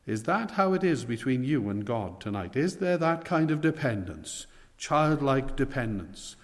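A man preaching a sermon, earnest and pleading, with slow emphatic stresses. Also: medium pitch, big pitch swings. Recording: long hall reverb.

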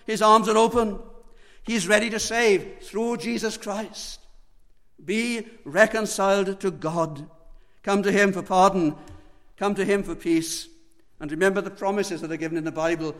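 Impassioned high-voiced preacher in a reverberant hall. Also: male voice, fairly even intonation, unhurried. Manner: impassioned, pleading preaching with wide swings between loud and hushed. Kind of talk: sermon.

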